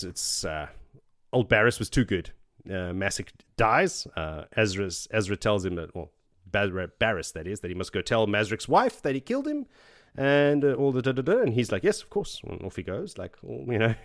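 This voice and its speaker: Lively man recapping a book. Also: lowish voice. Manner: animated, acts out characters in quick voices. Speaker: podcast co-host. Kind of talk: casual book discussion.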